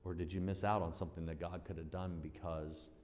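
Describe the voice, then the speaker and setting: A man preaching a sermon as pastor, animated, acting out quoted voices with big swings in pitch and loudness. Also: fairly quick, slight background noise. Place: church sanctuary. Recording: long church-hall reverb.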